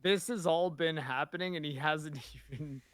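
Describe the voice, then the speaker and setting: Smooth, higher-voiced man in dry close chat. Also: normal speed, fairly bright tone, no room sound. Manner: chatty, hesitant restarts, laughs while talking. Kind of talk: casual chat about a TV episode.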